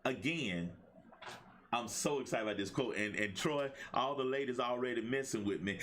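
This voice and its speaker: A man's voice: medium pitch, animated, moderate pace, fairly bright tone. A middle-aged man hosting a motivational livestream, talking in a preachy call-and-response style. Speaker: host and life coach.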